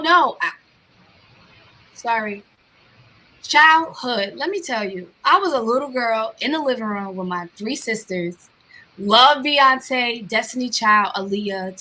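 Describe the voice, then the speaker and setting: A woman's voice: mid-range voice, takes it slowly, slight background noise. A woman from New Jersey, a guest artist in a casual interview, telling stories with energy and acting out the voices of the people in them. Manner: animated storyteller acting out quoted voices.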